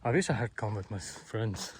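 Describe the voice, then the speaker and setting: A young man vlogging as he hikes up a fort, chatty and excited, talking to viewers and out of breath. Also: lowish voice, fairly quick. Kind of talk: casual trekking vlog. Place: outdoors on a hilltop fort. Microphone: handheld phone. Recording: noisy outdoor phone recording.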